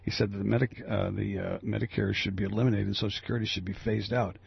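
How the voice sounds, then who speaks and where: A man's voice: fairly low pitch, flat delivery, fast talker, no echo. A man hosting a radio talk show, rambling casually with lots of fillers and restarts. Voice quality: gravelly, husky. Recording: dry, lo-fi radio audio.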